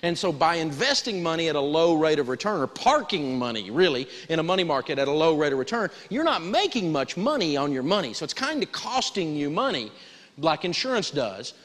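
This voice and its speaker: A man teaching a live personal finance lesson in a folksy, animated way, prompting the audience to answer back. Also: fairly high pitch, fairly quick, in a large hall.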